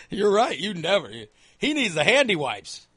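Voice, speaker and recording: Husky animated man telling crude stories. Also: sits high, slow pace, no echo. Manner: animated, acts out quoted lines in a raised voice. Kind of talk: crude comedic storytelling chat.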